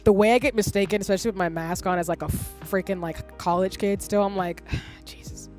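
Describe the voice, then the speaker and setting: A woman's voice: mid-range voice, fairly even intonation, brisk, a little mellow. A woman in her thirties chats casually on her stream with a rambling, candid delivery. She swears freely as she goes off on long tangents, with faint music under her voice. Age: 30s. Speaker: livestreamer.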